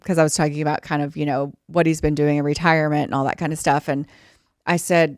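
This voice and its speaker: A woman's voice: low-pitched, fast, no echo, clean studio sound. A woman co-hosting a podcast, chatting casually and telling stories about her work in sports broadcasting. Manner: chatty storyteller, animated when quoting. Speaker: podcast co-host. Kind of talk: casual chat.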